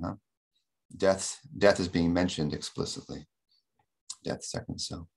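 A man lecturing on poetry in a webinar, speaking carefully, repeating words and slowing right down to read verse aloud. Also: low-pitched. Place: home or office, on a webinar. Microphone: computer microphone on a video call.

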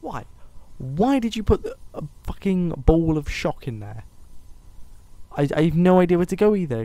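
A man's voice: on the high side, big pitch swings, normal speed, dark tone. A man giving live gameplay commentary who keeps swearing and ranting at the game out of frustration. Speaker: gaming video host.

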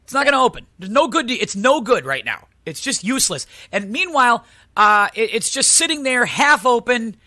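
A man hosting a podcast chat, ranting his way through a story. His pitch swings widely and his tone is bright. The sound is close and dry. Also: sing-song, moderate pace, no echo. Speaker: podcast host.

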